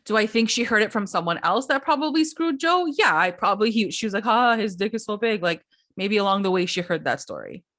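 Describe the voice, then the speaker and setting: A woman's voice: mid-range voice, brisk, no echo, studio quality. A young woman co-hosting a podcast, casually recapping a reality show and acting out the cast's lines in little voices. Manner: animated, acts out quotes in voices. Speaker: podcast co-host.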